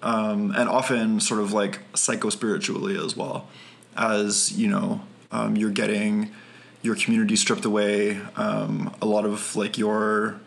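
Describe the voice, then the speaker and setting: A man co-hosting a podcast in casual conversation, with a low-key, unexcited delivery. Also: little pitch movement, a little slow, gravelly. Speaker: podcast co-host.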